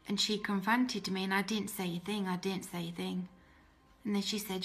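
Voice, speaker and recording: A woman's voice: mid-range voice, little pitch movement, normal speed, fairly bright tone. A woman telling her personal faith testimony in an earnest, emotional way, often restarting her sentences. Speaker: testimony speaker.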